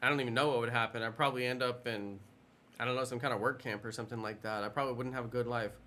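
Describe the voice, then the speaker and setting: A man's voice: medium pitch, fairly even intonation, rapid-fire, bright, forceful tone. A man casually chatting with viewers during a game live stream, rambling and playful.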